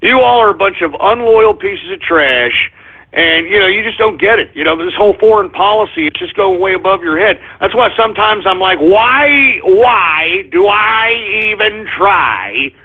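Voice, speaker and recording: A man hosting a live radio show, ranting angrily, shouting, swearing and taunting listeners. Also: sits high, a little fast, breathy edge. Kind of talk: live call-in radio rant. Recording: tinny lo-fi broadcast audio.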